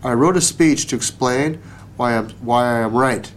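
A man's voice: mid-range voice, normal speed, slight background noise, lightly acted. A man voicing an indignant, self-righteous town baker in a storybook. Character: indignant male town baker, hot-tempered.

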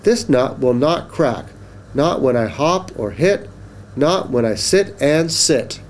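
A man's voice: expressive, slow, a little hiss or hum. A man voicing an earnest male cartoon duck in a children's storybook, with a raised, sing-song voice. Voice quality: higher voiced than narration.

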